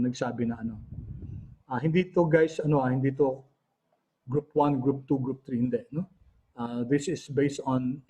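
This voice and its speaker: A man with a Filipino accent teaching an online class, switching between languages and pausing often with fillers and throat clearing. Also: medium pitch, dark tone. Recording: dull lo-fi audio.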